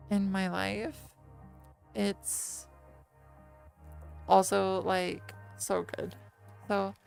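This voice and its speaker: A woman streaming while lying down, rambling casually and doubling back on her words. Her voice sits at an ordinary middle pitch with plenty of gravelly fry. Soft music plays faintly underneath. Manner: rambly, self-correcting, chatty with viewers.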